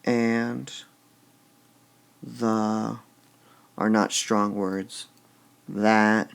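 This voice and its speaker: Slow, gravelly man teaching poetic meter. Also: fairly low pitch. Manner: slow and deliberate, sounding out stressed syllables, drops to a mutter when writing. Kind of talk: screen-recorded lesson on poetic meter.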